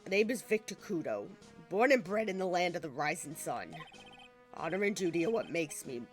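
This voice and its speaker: A woman's voice: lowish voice, big pitch swings, normal speed, soft background music, pitched below the performer's own voice. A woman voicing a grumpy, stubborn old male witness in a put-on French-sounding accent. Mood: gruff. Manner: gruff, grumbling.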